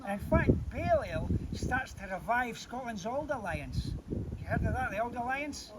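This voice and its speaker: A man's voice: very high voice, sing-song, normal speed. A man with a Scottish accent telling a story to a live group outdoors, teasing his listeners with rhetorical questions. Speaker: storyteller guide. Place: outdoors near a monument. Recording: distant mic with loud wind and traffic noise.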